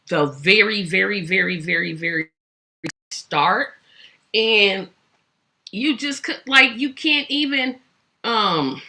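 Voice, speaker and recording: A woman's voice: mid-range voice, sharp tone. A woman hosting a casual solo chat, rambling through her thoughts with many fillers and restarts. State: back hurting, shifting in seat. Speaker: host. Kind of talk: casual solo chat about old TV shows.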